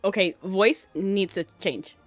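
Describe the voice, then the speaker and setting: Woman game streamer, casual excitable chatter, dry close mic, faint game music behind. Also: mid-range voice, slow, no echo. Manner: chatty, excitable, laughs often. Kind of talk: casual gameplay commentary.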